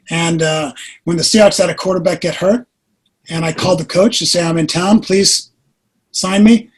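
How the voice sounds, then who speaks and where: A man in his forties tells a personal story as a guest in an interview. His voice sits fairly high and has a husky edge. He talks in an earnest, animated way and pokes fun at himself. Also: poor audio. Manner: earnest, animated retelling with self-mocking laughs.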